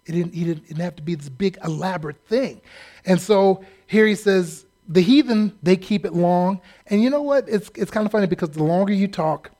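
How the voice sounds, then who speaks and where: High-voiced guy preaching, lively and animated, acts out the quotes. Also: a little fast. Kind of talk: sermon.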